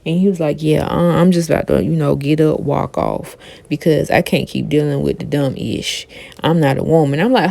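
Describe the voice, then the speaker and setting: A woman hosting a casual gossip vlog, retelling a reality show scene in a chatty, animated way. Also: low voice, a little fast, vocal fry. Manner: chatty, animated storytelling with quoted voices. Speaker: host.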